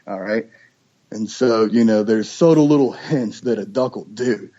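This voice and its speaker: A man, a duck call maker, chatting casually on a podcast and telling lively stories with imitated calls. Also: on the low side, moderate pace, dull audio. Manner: animated storyteller, imitates duck calls and voices.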